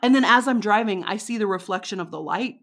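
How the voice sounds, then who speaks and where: A woman's voice: mid-range voice, fast, fairly bright tone. A woman from Texas with a Texan accent, a podcast guest telling stories in a casual, chatty way, laughing often and filling her talk with fillers. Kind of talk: casual storytelling.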